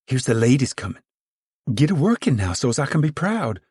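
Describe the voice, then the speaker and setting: A man's voice: medium pitch, very animated, moderate pace, darkish tone, husky, no room sound, studio quality, voice pushed up. A man reading aloud and voicing a stern, weary mother of a poor farm family, scolding in a rural drawl.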